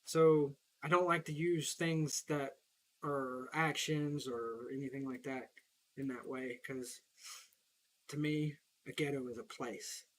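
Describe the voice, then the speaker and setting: A man's voice: medium pitch, fairly even intonation, slow, a bit bright. A young man with a Southern US accent, rambling in casual, profane chat while he plays a game, laughing often. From Southern United States. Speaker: gaming streamer.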